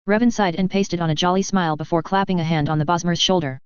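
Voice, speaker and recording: A woman reading a fan fiction story aloud in a plain, steady way. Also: lowish voice, fast talker, clear, resonant tone, dry recording, highs cut off.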